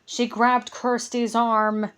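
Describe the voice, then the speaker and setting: A woman reading a children's chapter book aloud as a gentle bedtime story. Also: a little high, little pitch movement, slow, clear, resonant tone.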